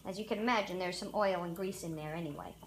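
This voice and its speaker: A woman's voice: lowish voice, fast talker. Chatty woman cooking in an echoey kitchen. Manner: chatty, playful, self-deprecating. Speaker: cooking show host. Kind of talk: casual cooking demo. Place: home kitchen. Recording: roomy, distant, noisy kitchen recording.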